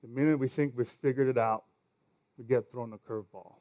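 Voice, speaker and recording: A man preaching a sermon in a conversational way, full of fillers, swinging between loud lines and hushed ones. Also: mid-range voice, steady tone, fairly quick.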